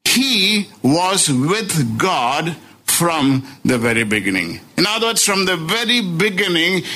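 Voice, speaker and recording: Slow, deliberate preacher man with a bright voice. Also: fairly high pitch. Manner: slow, deliberate emphasis with rising and falling stresses; repeats key phrases and adds tag questions. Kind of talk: sermon.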